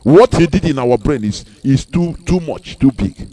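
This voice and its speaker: A man's voice: medium pitch, lively intonation, normal speed, mellow. A man giving an impassioned speech, emphatic, repeating words and asking rhetorical questions. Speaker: speaker on a live broadcast.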